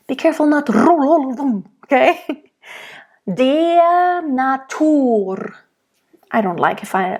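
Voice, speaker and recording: Woman German-accented voice coach, fairly high voice, slow and careful, demonstrates sounds. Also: a little mellow. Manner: explains slowly, models pronunciation aloud. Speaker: singing teacher. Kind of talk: diction lesson.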